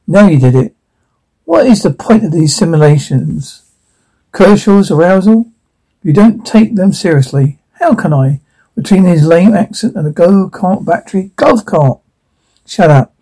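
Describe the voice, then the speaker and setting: Husky reader of a comedy script. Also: medium pitch, moderate pace, low-quality recording. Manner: flat read-through with slips and restarts. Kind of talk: reading a comedy script aloud, all parts.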